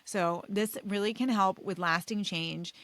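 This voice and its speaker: A woman doctor talks straight to her listeners in a loose, encouraging coaching style, dropping "like" and "okay?" every few phrases. Her voice sits in an ordinary middle pitch. The recording is dry and close, with no room sound. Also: fairly even intonation, a little slow, fairly bright tone, no room sound. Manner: encouraging, chatty, many fillers like "like" and "okay?". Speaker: podcast host and weight loss doctor. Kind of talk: casual solo podcast coaching talk.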